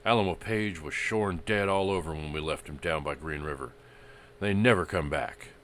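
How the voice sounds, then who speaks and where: A man voicing a ruthless male outlaw leader in a western story, gruff, scoffing and threatening. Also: extremely low pitch, normal speed, a bit bright, a little hiss or hum.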